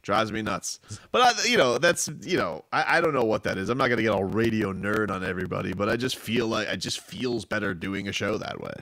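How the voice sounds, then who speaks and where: A male sports radio host talks in a casual, teasing way. His pitch swings in a lively way as he jokes with his co-hosts. The sound is dry and close, with no room around it. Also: a little fast, no echo. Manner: wry, teasing banter.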